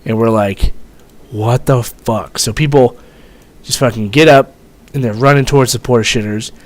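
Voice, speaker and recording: A man's voice: medium pitch, fairly quick. A young man, a former Marine, telling a story in a rambling, profane way, full of fillers. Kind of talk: casual storytelling vlog.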